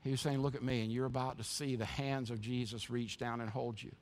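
A man's voice: mid-range voice, fairly even intonation, brisk. A man preaching a sermon as pastor, impassioned and emphatic, often repeating words as he restarts.

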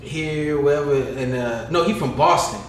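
A young Californian man with a fairly high voice co-hosts a casual podcast, ranting and telling stories at normal speed. He swears freely and breaks into loud, animated bursts. The room echoes, and a faint hum sits behind him.

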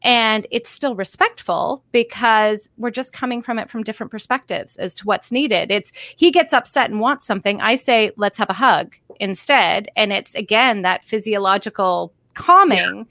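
A woman hosting a casual conversation, speaking in a wry, measured way. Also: on the high side, sharp tone, no room sound.

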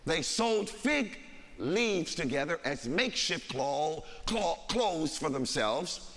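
A man's voice: a little high, sing-song, slow, vocal fry, fairly bright tone, faint music behind. A man preaching a sermon, reading scripture aloud with dramatic emphasis in a church sanctuary. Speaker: pastor. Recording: long hall reverb.

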